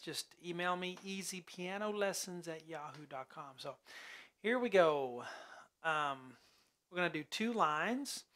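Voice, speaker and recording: A man's voice: a little high, animated, a little slow. A man teaching an online piano lesson in a casual, chatty way, sometimes singing the notes as syllables. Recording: loud piano playing along.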